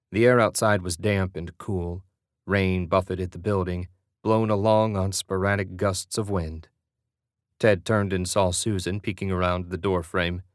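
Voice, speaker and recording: A male audiobook narrator with a lowish voice reads in a steady, even way. The recording is close and very dry, with no room around it. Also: no echo. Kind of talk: scripted narration.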